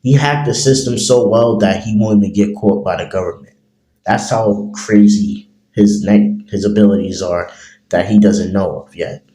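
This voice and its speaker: A man's voice: on the low side, fairly even intonation, moderate pace, warm tone. A man improvising a fan story, rambling with many fillers. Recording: roomy echo.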